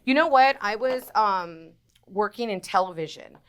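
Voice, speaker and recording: A woman's voice: mid-range voice, normal speed, clean tone. A woman in her forties, a radio personality, chatting as a guest and acting out the people in her stories. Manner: animated storyteller, acts out quotes. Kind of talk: casual interview chat.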